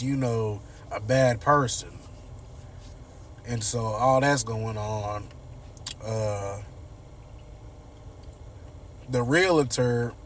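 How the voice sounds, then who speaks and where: A man's voice: medium pitch, fairly bright tone, recorded from a distance, slight background noise. A man casually recapping a TV episode in loose, slangy storytelling. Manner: loose slangy storytelling, acts out characters' lines. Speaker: TV episode reviewer.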